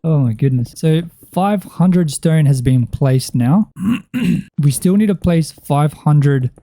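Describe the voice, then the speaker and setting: A man's voice: on the high side, expressive, slow pace, mellow, dry recording. A young Australian man with an Australian accent, chatting and rambling casually as he comments on his own gameplay. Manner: chatty, rambling, thinks aloud. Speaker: gaming channel host.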